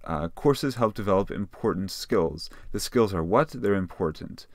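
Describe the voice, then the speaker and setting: Deep-voiced man explaining a test question. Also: animated, moderate pace, dry recording, studio quality. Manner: conversational, thinking aloud with fillers. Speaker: test prep tutor.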